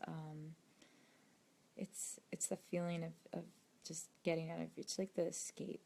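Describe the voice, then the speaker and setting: Young woman, actress, late-night livestream chat with fans, mellow, gravelly, soft and hesitant. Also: sits low, little pitch movement, unhurried. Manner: soft, hesitant, often drops to a near-whisper. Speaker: actress and video creator answering fans. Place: indoors at home late at night.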